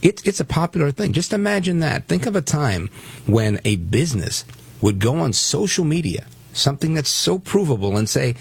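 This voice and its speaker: A man's voice: on the high side, big pitch swings, moderate pace, vocal fry, slightly rough. A man from Brooklyn guest-hosting a political talk radio show, speaking emphatically and taking callers. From Brooklyn, New York. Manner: emphatic, conversational, takes callers.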